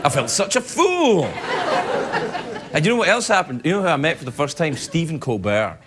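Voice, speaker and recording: High, lively-voiced late-night host man. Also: normal speed, a faint crowd. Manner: animated storytelling, jumps into other people's voices. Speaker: talk show host. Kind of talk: late-night comedy monologue. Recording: studio audience laughter and loud noise behind.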